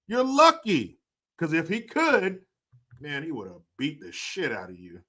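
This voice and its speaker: A man hosting an opinionated commentary video, profane and mocking, swinging between loud outbursts and low muttered asides. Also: wildly swooping pitch, moderate pace.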